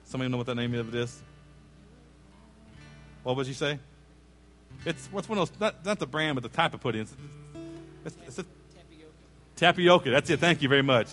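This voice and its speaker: A man preaching a sermon, telling a story with lively acted-out quotes and asides to the congregation. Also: mid-range voice, fairly quick, pauses often, soft background music. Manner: animated storyteller, acts out quoted voices, jokes with congregation. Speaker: pastor. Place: church sanctuary.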